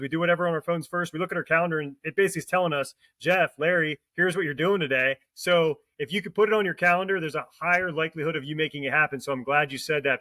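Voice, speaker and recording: A man's voice: on the high side, sharp tone, no room sound, low-quality recording. A man hosting a podcast interview, chatty and affirming, asking long winding questions. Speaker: podcast host. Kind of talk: interview conversation.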